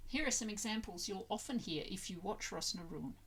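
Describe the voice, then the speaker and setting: A woman's voice: lowish voice, normal speed, hardly any pauses, a bit bright, husky. A woman explaining grammar to learners in a patient, methodical way, spelling words out letter by letter. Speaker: language-learning video creator.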